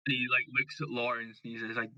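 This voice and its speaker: A man's voice: mid-range voice, flat delivery, fast, bright, forceful tone, no echo, lo-fi sound. A man narrating as game master of a tabletop role-playing game, telling the story steadily and quoting characters plainly.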